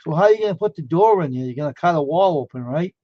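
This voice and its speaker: A man's voice: on the high side, lively intonation, fast talker, no echo. A man chatting casually on a live stream, rambling and amazed, firing off one question after another. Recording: dull lo-fi dry sound.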